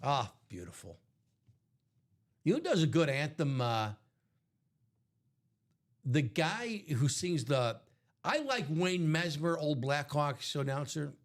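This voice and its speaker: A man's voice: fairly high pitch, very animated, slow pace, pauses often. A man co-hosting a live sports card break, chatting and rambling through sports tangents. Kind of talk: casual live-stream banter.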